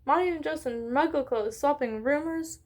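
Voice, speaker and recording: A woman acting out a sharp-tongued older professor in a storybook reading. She snaps and sighs with impatience, her voice pitched a little high. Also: expressive, a little slow. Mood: impatient. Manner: clipped and exasperated.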